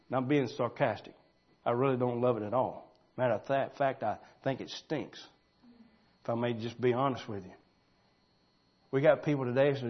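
A pastor, preaching a folksy sermon that builds to loud, emphatic shouting. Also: male voice, medium pitch, a little fast, lo-fi sound.

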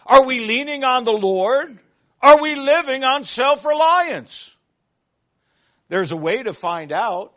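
A male pastor preaching a sermon, asking the congregation questions and moving between loud emphasis and quiet asides. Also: extremely high pitch, animated, slow, muffled recording.

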